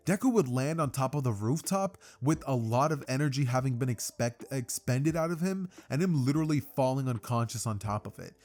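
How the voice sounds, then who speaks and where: Casual man retelling a fan story. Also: mid-range voice. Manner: casual, slangy, energetic retelling with fillers.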